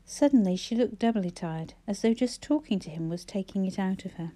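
A woman reading a novel aloud as narrator, calm and measured. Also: mid-range voice. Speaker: audiobook narrator. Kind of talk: scripted narration.

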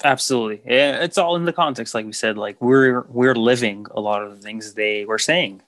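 A man's voice: mid-range voice, moderate pace, dry recording. Man co-hosting a casual podcast. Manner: relaxed, enthusiastic, many fillers. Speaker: podcast co-host.

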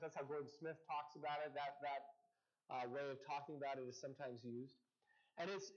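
A man's voice: on the high side, lo-fi sound. A man from the American Northwest giving a casual teaching talk to a group, conversational, with frequent restarts and fillers. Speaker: campus ministry teacher.

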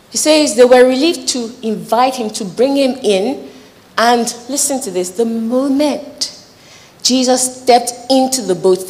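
Earnest woman preaching in a reverberant hall. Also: on the high side. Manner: earnest, conversational teaching with lively acted asides. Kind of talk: sermon.

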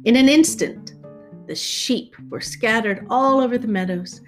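A woman reading a fairy tale aloud in a measured, expressive storytelling style. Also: a little high. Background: soft guitar music.

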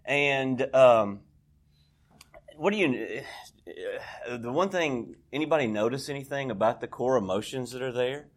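A man's voice: mid-range voice, animated, unhurried. A man tells his own recovery story to a meeting. He talks candidly and pokes fun at himself, slipping into the voices of the people in his story. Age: 40s. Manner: candid, self-deprecating, acts out dialogue. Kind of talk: personal testimony talk.

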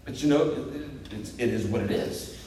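A man in his fifties preaching a sermon as pastor, telling jokes on himself in a lively, swooping voice. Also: moderate pace, slight background noise. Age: 50s. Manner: lively, self-deprecating storytelling with swooping pitch. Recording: echoey hall picked up from a distance.

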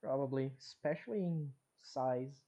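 A man co-hosting a podcast in casual chat, slowly recapping an episode. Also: mid-range voice, expressive, mellow, highs cut off. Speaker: podcast co-host.

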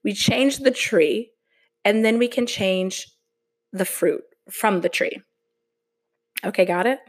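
A woman hosting a motivational podcast, talking slowly and earnestly in a casual way, with the odd swear word. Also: medium pitch. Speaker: podcast host.

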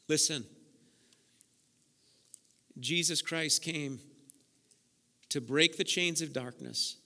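The long reverb of a large church sanctuary surrounds a pastor's fairly high, pushed, bright voice. He preaches with passion, repeating words as he gets worked up and builds toward a peak.

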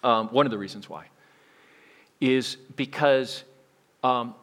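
A man preaching a sermon in a conversational way, with frequent restarts and big swings between loud emphasis and quiet asides. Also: medium pitch, slow pace. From United States. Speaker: pastor.

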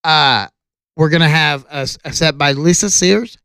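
A male stand-up comic talks casually on a podcast, plugging upcoming shows. His voice sits high with a gravelly rasp, yet comes through smooth and dry. He pads his sentences with "uh" and "like.". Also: normal speed, no echo. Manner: animated, plugging shows with many fillers. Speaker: stand-up comedian guest.

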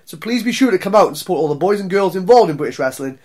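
A man's voice: sits high, expressive, very fast, a little mellow. A young man with a Welsh accent hosting a wrestling podcast, chatty and self-deprecating, rambling through sponsor reads. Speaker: podcast host. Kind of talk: casual podcast intro and ad reads.

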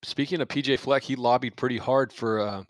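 A man's voice: medium pitch, a little fast, no echo. A man co-hosting a casual sports betting podcast, joking and rambling with fillers. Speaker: podcast co-host.

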